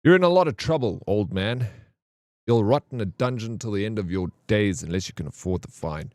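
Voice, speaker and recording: A man's voice: lowish voice, expressive, brisk, a little mellow, dry recording, clean studio sound, lightly acted. A man voicing a stern, threatening male soldier in a video game, barking commands in a raised voice.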